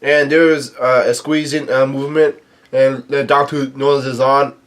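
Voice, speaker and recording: A young man casually recapping a comic chapter, halting often and correcting himself as he goes. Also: medium pitch, flat delivery. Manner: halting, many restarts and self-corrections. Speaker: manga reader and recapper.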